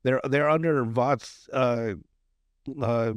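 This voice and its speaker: A man's voice: mid-range voice, slow, clear, resonant tone, no room sound. A man hosting a podcast, casually recapping a TV episode, rambling with lots of fillers and restarts. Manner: rambling with many fillers and restarts, laughs often. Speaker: podcast host.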